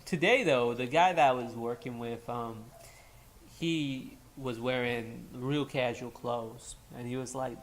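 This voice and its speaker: A man's voice: mid-range voice, measured pace. A young man from Los Angeles with a New York-sounding accent, co-hosting a casual chat, loose and rambling, trailing off with fillers. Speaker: co-host.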